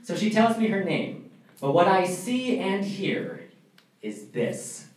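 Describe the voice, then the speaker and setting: A young man doing a stand-up storytelling set on a college comedy stage, animated, his voice jumping high and squeaky when he gets excited. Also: slow pace. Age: young adult. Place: college comedy club stage before a live audience. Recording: echoey room, picked up from a distance, faint noise.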